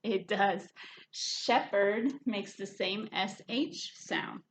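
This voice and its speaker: A woman librarian leading a children's story hour phonics lesson, drawing words out in a sing-song teacher voice and shushing softly. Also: mid-range voice, very slow, a little hiss or hum.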